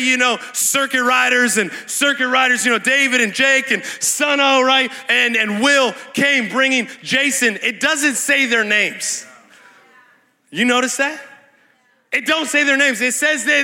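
A young man preaching an energetic Pentecostal sermon with call-and-response, fast and excited, repeating words and shouting to the crowd in a large church hall. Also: very high-pitched. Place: large church hall at a live worship night. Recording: long hall reverb from a live event.

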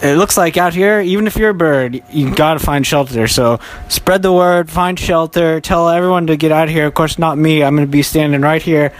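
Man putting on a nervous TV field reporter, raised pitch, rambling on-air patter, stumbling speech, phone recording. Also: fairly quick, few pauses, natural voice. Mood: urgent. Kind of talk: improvised news-reporter parody.

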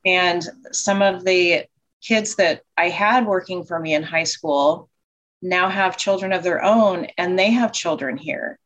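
A woman's voice: fairly low pitch, unhurried, fairly bright tone. A woman who owns and runs a childcare center, talking in a heartfelt, rambling way with many restarts in a casual interview. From Nebraska. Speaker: childcare center director and owner.

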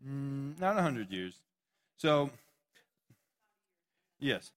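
A young male pastor giving an animated, joking sermon and calling on listeners by name. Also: medium pitch, extremely slow. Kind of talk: youth sermon.

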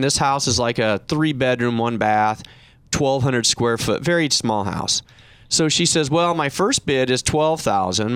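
A middle-aged man hosting a talk show, telling a story in a casual, animated way, his voice rising when he quotes other people. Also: no room sound. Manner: animated anecdote, raising pitch when quoting others. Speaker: radio show host and reverse mortgage professional.

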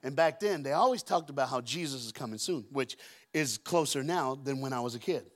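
A man preaching a sermon as a guest speaker, telling stories and acting out the scenes with shouts and deep put-on voices. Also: animated, a little fast. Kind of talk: storytelling sermon. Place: church auditorium.

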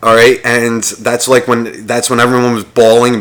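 A man's voice: level tone, moderate pace, hardly any pauses, a bit bright. A man on a podcast telling crude, rambling stories, swearing a lot and mimicking other people. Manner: profane, mimics others in high voices. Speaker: podcast co-host. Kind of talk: crude casual storytelling.

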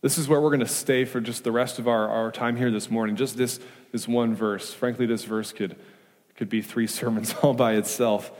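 A male pastor delivers a sermon in a middle-pitched voice, pressing his points with rhetorical questions. He swings between raised, urgent emphasis and quiet, hushed reassurance. The sound carries a long reverberant tail from a church hall. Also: steady tone, normal speed. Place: church sanctuary.

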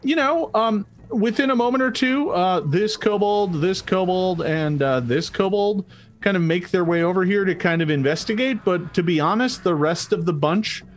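A man's voice: high-pitched, normal speed. Hesitant male game master. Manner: hesitant, many ums and restarts. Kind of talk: narrating a tabletop game.

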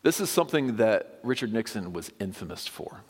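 Man, pastor, sermon, low voice, emphatic then hushed, long reverb. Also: sing-song, brisk, husky. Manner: emphatic, swings from loud stresses to quiet drops.

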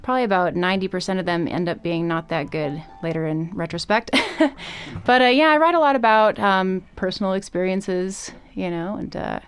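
A woman's voice: on the low side, a little fast, clear, resonant tone. A woman, a singer and songwriter, talking in a modest, giggly way in a radio studio interview.

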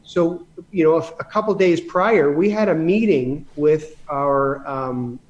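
Man, podcast guest, casual storytelling, rambling with restarts, slightly high voice. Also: a little slow, highs cut off, slight background noise.

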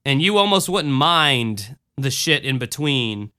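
A man's voice: mid-range voice, unhurried, smooth. A young man co-hosting a podcast, chatting casually and with a lot of profanity as he reviews a book and tells stories. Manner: rambling, profane, animated storytelling. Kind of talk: casual chat.

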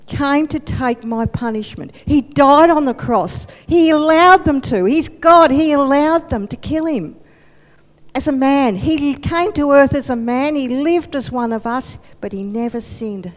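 A woman voicing the apostle Paul as a grown man, excited and pleading, with a long hall reverb. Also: fairly high pitch. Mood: urgent.

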